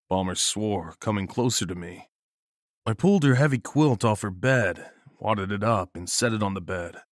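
A man narrating a horror story in a steady first-person storytelling voice. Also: on the low side, normal speed, no echo, clean studio sound.

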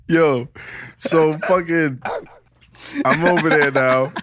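A man's voice: a little high, fairly even intonation, slow, background noise. A young man casually telling a long travel story on a podcast, swearing freely and laughing often. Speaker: podcast co-host.

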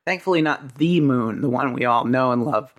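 A man's voice: medium pitch, moderate pace, highs cut off. A man co-hosting a comedy podcast, riffing in a loose, rambling, joking way. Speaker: podcast co-host. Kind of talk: improvised comedy banter.

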